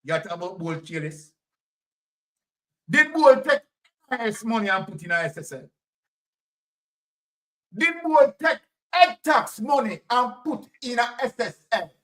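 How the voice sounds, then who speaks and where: A man's voice: extremely high pitch, sing-song, measured pace, pauses often, fairly bright tone, far from the mic, low-quality recording. A man with a Jamaican accent hosting heated political commentary, firing off rhetorical questions in patois. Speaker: host.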